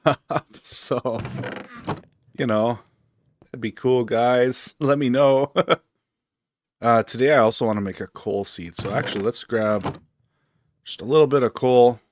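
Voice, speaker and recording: Streamer, male, low-pitched, relaxed rambling delivery, dry room sound. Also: dry recording. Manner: relaxed, rambling, thinking aloud with fillers. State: hiccups. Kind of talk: casual gameplay commentary.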